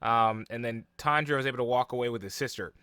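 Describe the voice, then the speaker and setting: A young man talks through an anime episode in a loose, rambling way, full of "um" and "like." His voice is bright and forward, recorded close and dry, at a middle pitch. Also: fast talker, clear, resonant tone, no echo. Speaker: anime reaction vlogger. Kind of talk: casual reaction and analysis.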